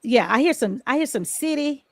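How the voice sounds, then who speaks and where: A woman's voice: high-pitched, lively intonation, brisk, over a noisy crowd. A woman hosting a casual live-stream interview show, chatty and reading viewer comments aloud. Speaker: talk show host.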